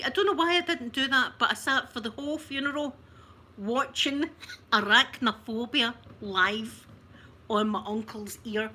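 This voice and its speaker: A Scottish woman telling a funny family story on her livestream, chatty and animated, often breaking into laughter. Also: on the high side, slight background noise. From Scotland. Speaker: ASMR livestream host.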